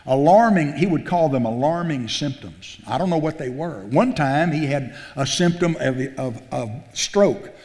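Folksy pastor in a reverberant church. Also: male voice, mid-range voice, a little mellow. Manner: folksy storytelling, rising to fervent exclamations. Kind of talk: sermon. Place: church sanctuary. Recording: long church-hall reverb.

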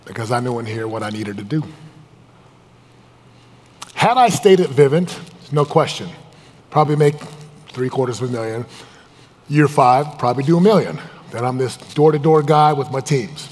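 Intense husky motivational speaker in a hall. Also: male voice, animated, moderate pace, long pauses. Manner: intense and emphatic, swinging from loud pushes to hushed, low confessions. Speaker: motivational speaker and business coach. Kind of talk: live motivational seminar talk. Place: event room with a live audience. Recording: long reverb of a large hall.

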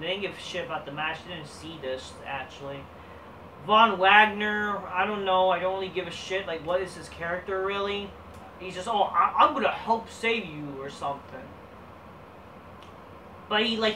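Bright-voiced man ranting crudely in an echoey room. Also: high voice, slight background noise. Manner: crude, profane and rambling, with frequent restarts. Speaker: wrestling show reviewer. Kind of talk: casual ranting recap. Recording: roomy echo, distant from the mic.

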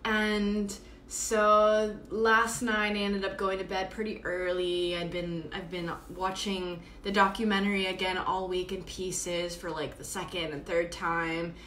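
A woman's voice: medium pitch, flat delivery, a little slow, few pauses, a bit bright, slight background noise. An exhausted woman hosting a live stream from home, chatting in a rambling way with plenty of fillers. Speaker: podcast host doing a live stream. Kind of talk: casual live-stream monologue. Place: at home, indoors. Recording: roomy echo, faint background ambience.

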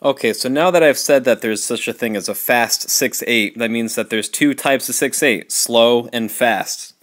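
A man's voice: mid-range voice, moderate pace, a bit bright. Man explaining rhythm counting patiently. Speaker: music teacher. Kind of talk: casual online music lesson.

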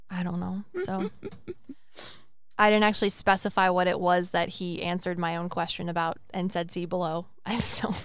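A young woman co-hosting a casual podcast as a psychic medium, rambling and animated, swearing and acting out quotes in different voices. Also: on the low side, measured pace, long pauses, clear, resonant tone, no echo.

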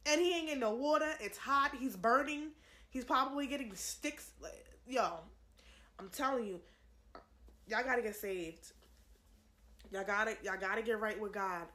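A woman's voice: a little high, a little slow, long pauses, sharp tone. A young woman giving an earnest religious testimony to camera, pleading with viewers and repeating herself for emphasis. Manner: earnest, repetitive, pleading, addresses viewers as y'all.

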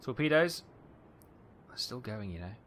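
A man giving tense, excitable live commentary on a naval battle game, calling out ranges and fire orders. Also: medium pitch, measured pace, noisy background. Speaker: gameplay commentator.

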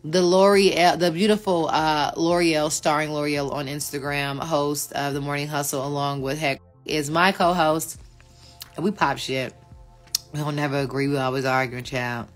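A middle-aged woman talks casually to camera in a low, easy voice, full of slang and playful teasing. Faint music sits underneath. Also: moderate pace. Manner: relaxed, slangy, playful banter. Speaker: vlogger and mother.

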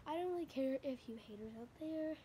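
A woman's voice: high-pitched, brisk, dark tone. A woman vlogging a casual reaction, talking in a rambling, chatty, gushing way while filming on her phone at home by the TV. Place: at home in front of a TV. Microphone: phone camera.

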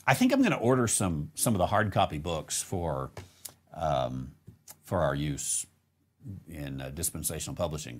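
A man hosting a casual live question-and-answer show, rambling with many fillers and restarts and chuckling now and then. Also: sits low. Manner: chuckles between remarks. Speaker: host answering viewer questions.

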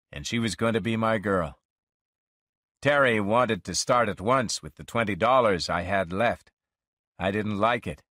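A man narrating a story slowly and expressively for English learners. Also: on the low side, a bit bright, no room sound, studio quality.

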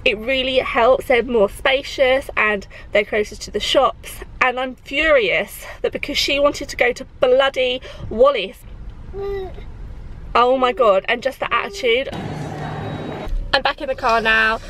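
A woman's voice: sits high, unhurried, fairly bright tone, a little hiss or hum, poor audio. A young woman and mother chatting candidly to camera in a casual vlog, with rambling asides. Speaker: vlogger and mother.

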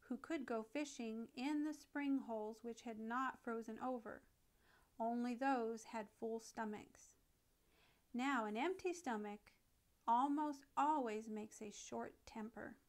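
Woman reading a storybook aloud. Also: on the high side. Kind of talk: storybook narration.

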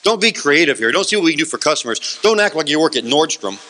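A man speaking to a live room in a motivational seminar, his voice bright and sitting a little high. He keeps the crowd in it by firing off questions and answering them himself, with a lively, punchy delivery. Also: fast, slight background noise.

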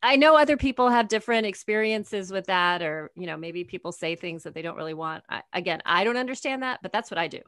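Woman, forties, interview guest, animated storyteller, acts out dialogue, laughs a lot, middle pitch, dry sound. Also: quick pace, hardly any pauses, clear, resonant tone, no echo. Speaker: guest, author. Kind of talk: conversational interview.

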